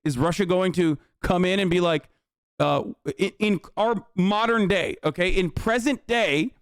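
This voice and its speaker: High-voiced man ranting profanely. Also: measured pace, clear, resonant tone, dry recording, studio quality. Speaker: livestream host. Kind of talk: heated political commentary on stream.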